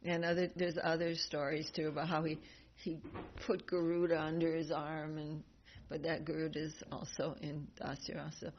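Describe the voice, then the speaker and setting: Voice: medium pitch, little pitch movement, moderate pace. A speaker teaches a devotional class, rambling through a story with frequent laughs and self-corrections. The recording is dull and lo-fi, with a faint hiss behind it.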